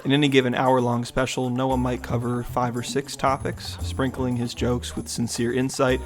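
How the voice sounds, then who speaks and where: A man giving measured, analytical scripted narration for a video essay. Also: mid-range voice, monotone, soft background music.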